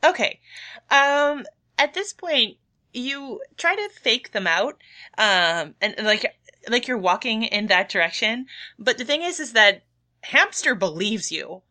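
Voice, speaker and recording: A woman running a tabletop game as game master, narrating haltingly with many fillers. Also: on the high side, lively intonation, pushed and bright.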